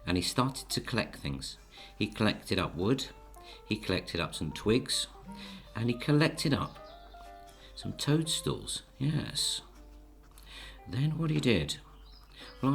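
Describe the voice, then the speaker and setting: A man tells a children's story in a gentle, coaxing way while he sketches the pictures. His voice is deep and unhurried, and he keeps turning to the listener with little questions. Faint music plays in the background. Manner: gentle, coaxing, speaks to the audience. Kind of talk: storybook narration while drawing.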